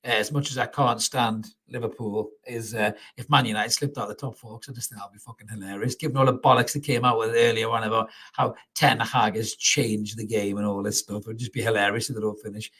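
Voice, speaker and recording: A man hosts a live football reaction stream with a somewhat husky, breathy voice. He talks casually, with a few fillers and curses, and stops now and then to read and answer viewer comments. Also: fairly low pitch, fairly even intonation, fairly quick, few pauses, a bit bright. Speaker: fan channel host.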